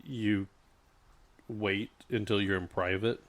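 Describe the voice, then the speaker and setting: Middle-aged male co-host, fairly low voice, casual and halting, lots of restarts. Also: fairly even intonation, a bit bright. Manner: halting, many restarts and fillers. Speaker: podcast co-host. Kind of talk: casual chat.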